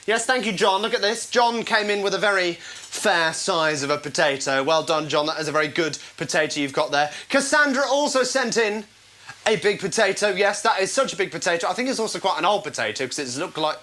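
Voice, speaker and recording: A man hosting a casual comedy show from home, playful and self-mocking, quick to laugh at his own jokes. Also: high-pitched, bright, forceful tone, poor audio. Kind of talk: casual live show chat.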